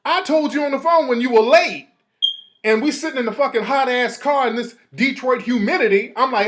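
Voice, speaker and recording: On his own show, a host rants live in a very high-pitched, brisk, a bit bright voice. He's heated and swears freely while reading texts aloud.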